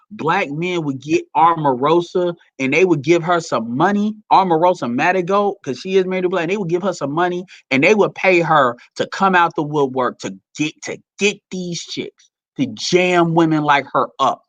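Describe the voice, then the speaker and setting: A man's voice: a little high, fairly bright tone, no echo, dull audio. Man ranting bluntly, dry close sound. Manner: blunt, heated, profane, rambling. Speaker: commentary vlogger. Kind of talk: profane ranting commentary.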